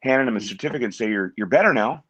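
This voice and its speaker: A middle-aged man from Washington State, a guest in an interview, talking in a halting way and often repeating words as he restarts his sentences. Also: mid-range voice, animated, a bit bright, no room sound, highs cut off. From Washington State, USA. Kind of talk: conversational interview.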